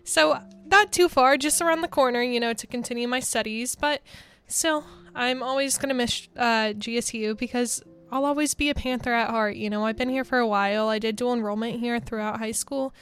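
A young woman in her twenties from Georgia, chatting casually as a college radio DJ in a studio, bubbly and quick to laugh. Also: fairly high pitch, steady tone, fairly bright tone, smooth. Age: 20s.

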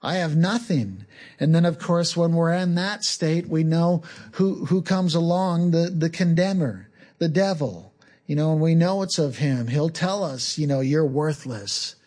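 A man preaching a sermon in a slow, earnest, conversational way, often leaning on casual asides to the listeners. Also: on the high side, warm tone. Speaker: pastor.

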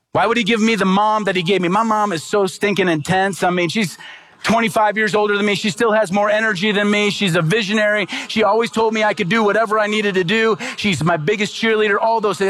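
A man's voice: high voice, steady tone, a little fast, fairly bright tone. A middle-aged man preaching a sermon as pastor, earnest and emphatic, asking the congregation rhetorical questions.

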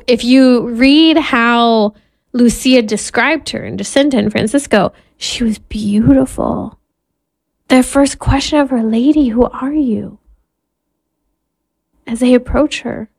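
Woman, 30s, Catholic mother giving a faith talk; earnest, self-deprecating, fairly high voice, dry recording. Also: a little mellow, dry recording. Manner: earnest, candid, laughs at herself while telling family stories. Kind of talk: personal faith talk with storytelling.

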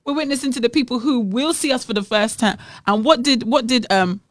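Playful British woman, a bit high. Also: fairly quick, a little hiss or hum. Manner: playful, teasing, preachy asides. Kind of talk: casual Christian chat.

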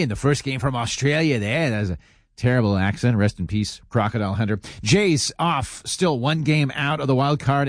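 A man's voice: mid-range voice, dry recording, clean studio sound. Chatty man reading radio sports. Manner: chatty, quips between headlines. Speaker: sports reporter. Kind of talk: casual radio sports report.

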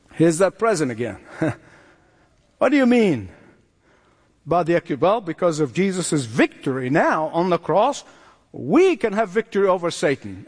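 A man preaching a sermon, emphatic, acting out voices in quotes. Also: high voice. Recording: long hall reverb.

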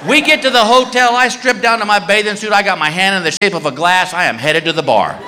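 A man's voice: sits high, fast, slight background noise. A man doing stand-up comedy, telling a story and acting out the people in it with big screams. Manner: animated, acting out voices and screams. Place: comedy stage before a live audience. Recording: echoey venue with long reverb.

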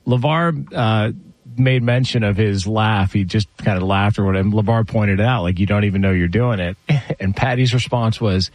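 A man hosting a sports radio show, bantering casually with co-hosts and reading an ad in a brisk, upbeat way. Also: fairly low pitch, darkish tone, no room sound.

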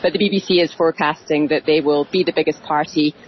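A woman reporting as a news correspondent, explaining election results clearly. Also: sits low, steady tone, quick pace, a little hiss or hum. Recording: muffled broadcast audio.

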